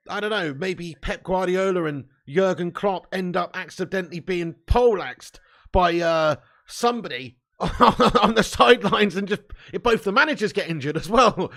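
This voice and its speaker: A man from England hosting a live football watch-along, chatting with viewers, joking, swearing and laughing, with sudden loud outbursts. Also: sits high, moderate pace. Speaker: football fan channel host.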